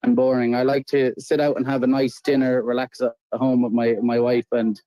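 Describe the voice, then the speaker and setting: A man's voice: medium pitch, level tone, moderate pace, warm tone, no echo, rough recording. Rambling Irish man on a call. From Ireland. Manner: rambling, chatty, many restarts. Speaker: guest caller. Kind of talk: casual chat on a live audio stream. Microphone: remote call connection.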